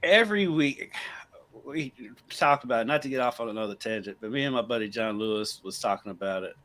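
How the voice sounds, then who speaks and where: A man's voice: medium pitch, fairly quick. A man co-hosting a sports podcast, telling stories in casual chat and laughing often. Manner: storytelling, laughs often, lively. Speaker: podcast co-host.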